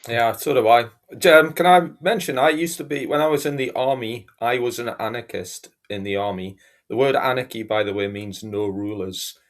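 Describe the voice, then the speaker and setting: A man's voice: mid-range voice, normal speed. A man speaking as a guest in a casual chat, earnest and rambling with restarts.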